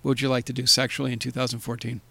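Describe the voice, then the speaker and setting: A man's voice: mid-range voice, flat delivery, rapid-fire, vocal fry, pushed and bright, no echo. A man co-hosting a podcast in casual chat, throwing in rowdy interjections and crude banter. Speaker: podcast co-host.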